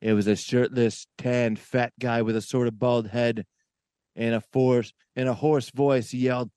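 A boastful, rambling older politician, as a man puts him on, telling a tall tale full of self-corrections. The voice sits at a middle pitch. The sound is close and dry. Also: fairly even intonation, unhurried, dark tone, smooth, no room sound, lightly acted. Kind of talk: comedy impression narrating a story.

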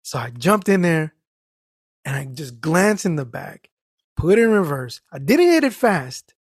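A man telling a story in casual podcast chat, animated and profane, acting out the people in it. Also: fairly high pitch, unhurried, husky, no room sound, clean studio sound. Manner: animated, profane, acts out the people in his stories.

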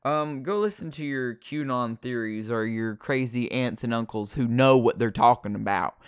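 A man's voice: medium pitch, normal speed, clear, resonant tone. A man ranting casually in a rambling, profane and sarcastic way, full of fillers. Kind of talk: casual unscripted rant.

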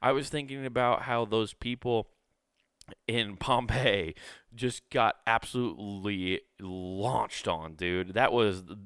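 Laid-back guy riffing crude jokes, low smooth voice, dry mic. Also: slow, fairly bright tone, no room sound. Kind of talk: casual comedic storytelling.

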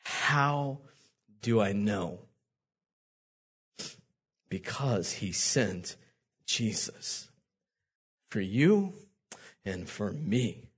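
A man's voice: on the low side, sing-song, very slow, long pauses, breathy edge. A man preaching a sermon as pastor, speaking earnestly and directly to his congregation, often repeating words.

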